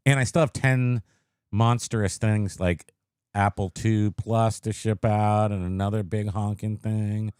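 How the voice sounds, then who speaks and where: A man co-hosting a podcast in casual chat, sleepy and joking in a deadpan way. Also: fairly low pitch, unhurried, clear, resonant tone, no room sound, clean studio sound. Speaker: podcast co-host.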